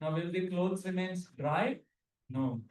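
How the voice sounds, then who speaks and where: This preacher's voice sits high and a little mellow, and he takes his time. The mic is distant and the hall very echoey as he gives his devotional lecture, posing questions to listeners and singing Hindi verses between explanations.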